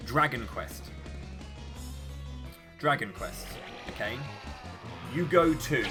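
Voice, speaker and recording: A British man ranting passionately in casual live-stream commentary, swearing freely as he talks. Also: medium pitch. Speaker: speedrunner and streamer.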